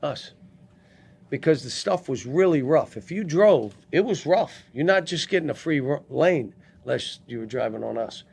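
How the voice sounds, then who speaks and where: At a post-game press conference, an older basketball coach answers questions bluntly, halting and restarting often. His slightly high voice is husky and a little mellow, with vocal fry and lively intonation.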